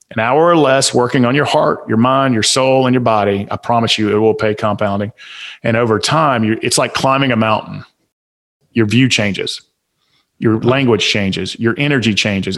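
A man with a Southern accent talks as a guest on a podcast. He preaches self-improvement with emphatic conviction and stacks up rhetorical questions. His voice sits at an ordinary middle pitch. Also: fairly bright tone. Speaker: guest author and speaker. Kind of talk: motivational podcast interview.

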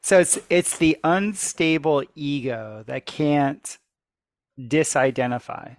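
A male podcast host who mostly listens, with short murmurs of agreement. He speaks slowly, and his voice sounds close and dry. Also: fairly high pitch, dry recording. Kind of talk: casual podcast chat.

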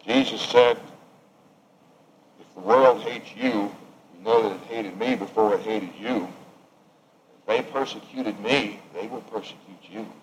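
A man preaching a sermon, swinging from raised emphatic lines to hushed, quiet ones. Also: lowish voice, unhurried, pauses often, a little hiss or hum, poor audio.

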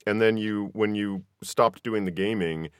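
A male podcast host with a very deep voice talks in a relaxed, conversational way, often restarting his sentences. The recording is dry and close, with no room echo. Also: unhurried, clear, resonant tone. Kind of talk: casual interview chat.

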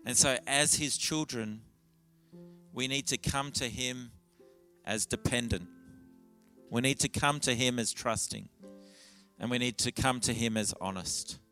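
Male pastor, mid pitch, earnest sermon delivery with faint instrumental music under it. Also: measured pace, long pauses, pushed and bright. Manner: earnest, candid preaching with frequent restarts. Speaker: preacher.

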